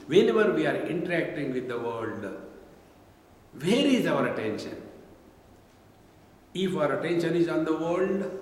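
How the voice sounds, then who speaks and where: Humorous swami in an echoey hall. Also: male voice, on the high side. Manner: humorous, keeps asking "See?". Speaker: swami, spiritual teacher. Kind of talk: spiritual discourse. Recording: echoey hall with long reverb.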